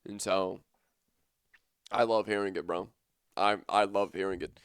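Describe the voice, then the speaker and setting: A man's voice: on the low side, fairly even intonation, unhurried, clean tone. A young man casting a college esports match live, chatting casually and rambling with enthusiasm. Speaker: esports caster.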